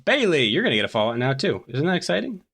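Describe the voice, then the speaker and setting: A man's voice: on the high side, sing-song, fast, creaky, a bit bright, husky. A man running a tabletop game as game master, talking casually with frequent fillers.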